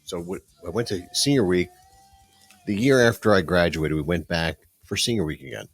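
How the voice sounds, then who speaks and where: A man's voice: low voice, normal speed, gravelly, slightly rough, no echo. A man co-hosting a casual podcast chat, cracking dry jokes. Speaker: podcast co-host.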